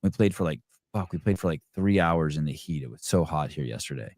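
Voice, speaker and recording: A man's voice: rumbling low, animated, a little fast, darkish tone, dry recording, studio quality. A man hosting a podcast in casual chat, rambling and profane, often restarting his sentences. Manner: many restarts and fillers. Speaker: podcast host.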